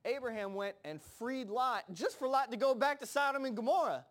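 High-voiced man preaching conversationally. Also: a little fast, a bit bright. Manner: conversational, acts out Bible characters in casual voices; repeats words and phrases, frequent fillers. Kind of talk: sermon.

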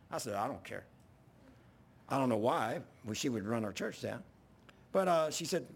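A male pastor preaching a sermon in a church, telling folksy stories and rising to yelling when worked up. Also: mid-range voice, big pitch swings, moderate pace, long pauses, husky. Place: church sanctuary.

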